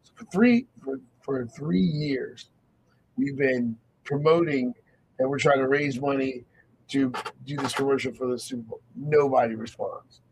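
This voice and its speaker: Gravelly-voiced man hosting faith radio. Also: mid-range voice, a little slow, slight background noise, rough recording. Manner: animated storytelling, acts out quoted dialogue. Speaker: radio show host.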